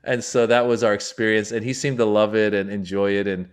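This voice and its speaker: A comedian in his forties, born in Iran, telling a story in an animated way and jumping his pitch to act out the people in it. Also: brisk, clean tone. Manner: acts out quoted voices with big pitch jumps. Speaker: comedian guest.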